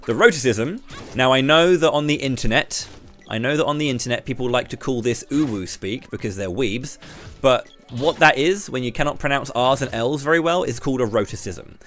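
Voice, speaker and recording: A British streamer with a slight lisp talks straight to his chat. He rants and fires off quick questions at viewers, with faint music playing underneath. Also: mid-range voice, a bit bright. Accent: British English. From Britain.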